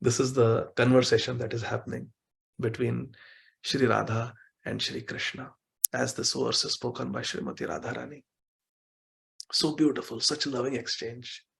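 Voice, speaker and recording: A man giving a devotional sermon who acts out quoted dialogue with emotion, often pleading and slowing down on key words. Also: mid-range voice, little pitch movement, gravelly, fairly bright tone, husky. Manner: emotive, pleading when voicing quoted lines, stretches words slowly. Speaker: speaker giving a devotional class. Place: temple hall.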